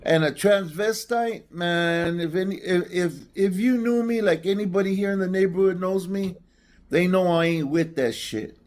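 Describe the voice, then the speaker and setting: Older man, slightly high voice, stammering, defensive casual rant. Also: normal speed, a little mellow. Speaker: guest in a played clip. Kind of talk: casual ranting monologue.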